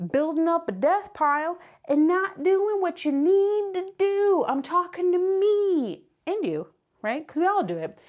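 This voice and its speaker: Speaking in a high voice, this reselling vlogger talks casually to camera at her home office whiteboard, wearing a clip-on wireless mic. Slightly breathless and chatty, she plays out her own inner voice with rising upswings.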